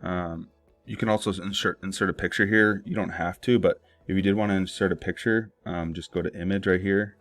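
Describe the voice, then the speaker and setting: A man's voice: sits low, fairly even intonation, fairly quick, no room sound, soft background music. A young man walking through an email marketing tutorial in a loose, rambling way, full of fillers and self-corrections. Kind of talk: casual screen-share tutorial.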